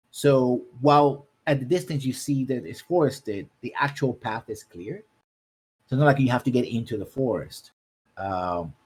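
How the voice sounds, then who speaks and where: A man acts as game master for a tabletop game, describing scenes at length and constantly checking in with his players with "right?". His voice is medium-pitched with a darkish tone.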